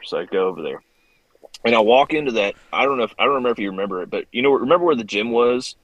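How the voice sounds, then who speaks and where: A middle-aged man, a veteran guest on a podcast, telling a story in a profane, animated way and acting out the voices in it. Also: mid-range voice, very fast, no echo, dull audio. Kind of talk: casual storytelling.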